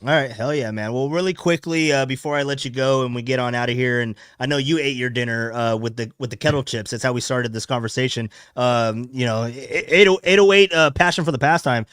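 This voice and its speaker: A man's voice: mid-range voice, a bit bright, smooth, no echo, studio quality. A young man hosting a casual sports podcast, telling stories with frequent laughs. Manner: laughing, storytelling, quick asides. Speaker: podcast host.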